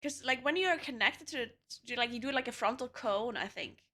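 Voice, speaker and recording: A woman's voice: on the high side, animated, brisk, pushed and bright. A woman streamer chatting casually and thinking aloud while setting up her game, laughing often. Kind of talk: casual live-stream chat while gaming.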